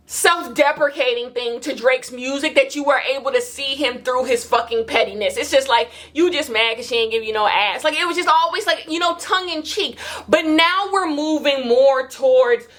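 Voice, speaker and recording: A woman with a high, bright voice talks loosely and bluntly. She fires off rhetorical questions and swears freely, in the easy rhythm of a casual chat show. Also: moderate pace, hardly any pauses. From Kenya. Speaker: podcast co-host.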